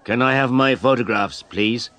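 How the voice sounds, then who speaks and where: A man's voice: medium pitch, normal speed, a bit bright, pitched above the performer's own voice, close to an everyday voice. A man voicing an angry, insistent farmer of seventy-two. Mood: demanding. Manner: insistent, demanding. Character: stubborn old farmer, 72, angry.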